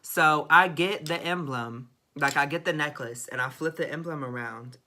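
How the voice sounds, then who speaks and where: A young man telling a dramatic storytime vlog, expressive and swearing freely. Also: a little high, normal speed, noisy background. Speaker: vlogger.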